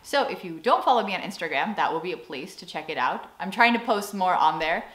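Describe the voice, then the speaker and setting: A young American woman talking casually to camera in a vlog, chatty and animated, with playful acted-out asides. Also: on the low side, fairly quick, echoey room. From United States. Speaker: vlogger.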